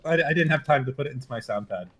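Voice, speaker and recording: A man chatting on a live stream, brash and profane. He makes playful mock threats. His voice sits at an ordinary middle pitch. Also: expressive, racing, fairly bright tone. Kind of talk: casual live-stream chat.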